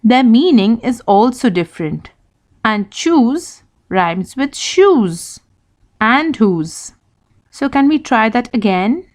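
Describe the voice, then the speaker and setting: A woman with a fairly high voice teaches young children, speaking slowly and clearly. Her pitch rises and falls a lot as she asks one question after another. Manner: slow, lively, questions to young pupils. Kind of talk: children's English lesson.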